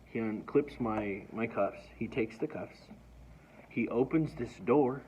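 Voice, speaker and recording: A man's voice: mid-range voice, slow, warm tone, a little hiss or hum. A man telling a personal story in a casual, rambling way, often stammering and restarting. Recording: dull lo-fi recording.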